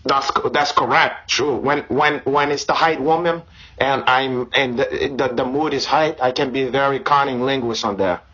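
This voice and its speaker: A crude, boastful Brazilian jiu-jitsu champion, as a man puts him on, talking in halting broken English with a thick Brazilian Portuguese accent. His voice is bright-edged and somewhat husky, and his tone stays deadpan. The sound is slightly muffled podcast audio. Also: medium pitch. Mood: brash. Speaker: host. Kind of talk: comic improvised podcast chat.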